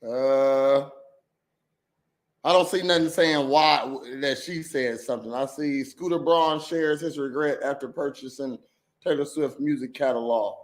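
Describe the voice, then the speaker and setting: Halting male reaction host. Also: mid-range voice. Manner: halting, many fillers and restarts. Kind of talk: casual reaction commentary.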